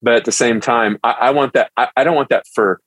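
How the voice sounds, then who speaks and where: Animated storytelling pastor, middle-aged man. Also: medium pitch, fairly quick, no echo, poor audio. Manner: animated storyteller who acts out quotes. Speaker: pastor, podcast guest. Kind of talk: storytelling in a casual interview.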